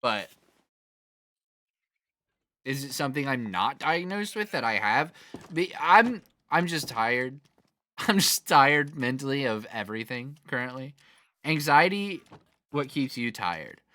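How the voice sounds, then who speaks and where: A man rambles to his stream chat between gameplay, swearing freely and laughing often, and answers the comments as he reads them aloud. His voice is bright and forward. The sound is close and dry. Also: mid-range voice, sing-song, unhurried, pauses often, dry recording. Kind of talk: casual chat while gaming.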